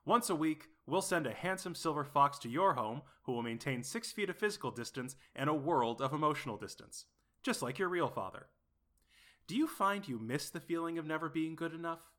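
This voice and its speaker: A sultry announcer purrs through a spoof advert in a soft, intimate hush, as a man puts it on. The voice sits a touch higher than average and is kept low and close. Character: hushed, sultry male parody-ad announcer. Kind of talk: mock commercial read.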